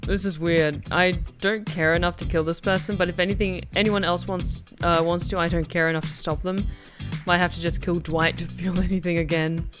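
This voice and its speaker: A woman voicing a cold, blunt huntress in a put-on Russian accent, flat and deadpan. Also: on the low side, fairly quick, music in the background, voice pushed down, close to an everyday voice.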